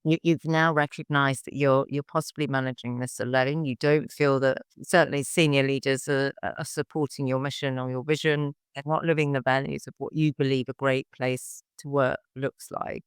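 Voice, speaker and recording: Guy hosting a podcast, rambly and reflective, smooth clear voice. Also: medium pitch, flat delivery, moderate pace, hardly any pauses, no echo, studio quality. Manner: rambling, reflective, many restarts. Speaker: podcast host. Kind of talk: conversational interview.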